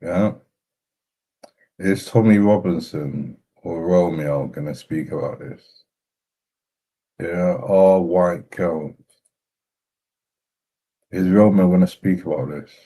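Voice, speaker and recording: Brief: very deep, slow male host, blunt and mocking, drawling sarcastic commentary. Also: mellow, low-quality recording. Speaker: host reacting to clips.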